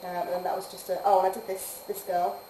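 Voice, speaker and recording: Chatty and quick to laugh, a woman streamer who also teaches adult education talks fairly quickly in a lowish voice during a casual live stream. Her tone swings from soft to lively, and the audio carries a roomy echo with faint background noise.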